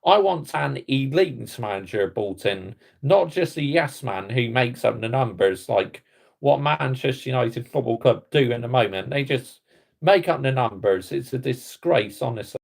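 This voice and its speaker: A man's voice: mid-range voice, animated, moderate pace, gravelly, breathy edge. A man from Somerset with a West Country accent, hosting his own football fan channel and delivering an indignant, blunt reaction rant. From Somerset, England. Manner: indignant, blunt, repetitive catchphrases. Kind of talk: ranting reaction vlog.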